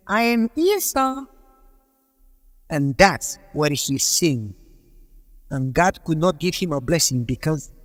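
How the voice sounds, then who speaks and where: High-voiced male preacher in a hall. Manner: rhetorical questions to the audience; emphatic, storytelling preacher. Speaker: pastor. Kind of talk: sermon. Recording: long hall reverb.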